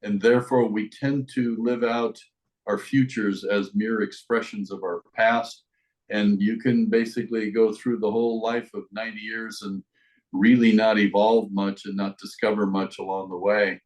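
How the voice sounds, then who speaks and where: A man's voice: on the low side, little pitch movement, moderate pace, darkish tone, poor audio. A middle-aged American man, a life coach, talking in an expansive, reflective way as a guest on a podcast interview. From United States.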